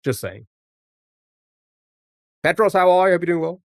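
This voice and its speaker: A man's voice: high voice, lively intonation, moderate pace, no room sound. Chatty male streamer, dry close mic. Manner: chatty, jokey, talks back to chat; swears casually. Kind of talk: casual live-stream chat.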